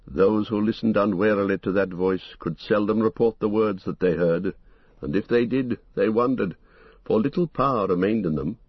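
A man reading a fantasy novel as an audiobook, in a steady, measured way. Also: lowish voice, breathy edge, no room sound, lo-fi sound. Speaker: narrator. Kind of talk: scripted audiobook narration.

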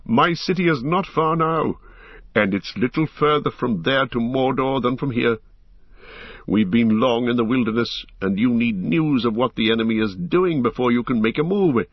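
A man's voice: medium pitch, normal speed, dry recording, lightly acted. A man voicing a proud, fervent tall warrior in an audiobook, impassioned, pleading and raging. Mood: eager. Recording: slightly dull lo-fi recording.

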